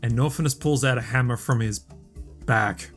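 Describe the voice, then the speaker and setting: A man's voice: medium pitch, moderate pace, soft background music. A man playing in a tabletop game, thinking aloud hesitantly as he declares his moves. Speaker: player. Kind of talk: casual tabletop play.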